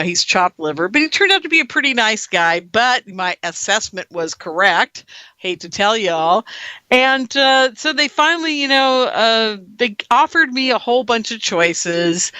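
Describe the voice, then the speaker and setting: A woman radio host telling a personal story to her listeners in a casual, animated way, acting out what people said with big jumps in pitch. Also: no echo.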